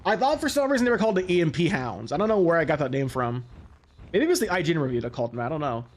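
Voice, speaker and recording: Man in his late twenties, let's play commentary, chatty and rambling, slightly higher voice. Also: big pitch swings, very fast. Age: late 20s. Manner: rambling and chatty, self-correcting. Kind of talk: casual gameplay commentary.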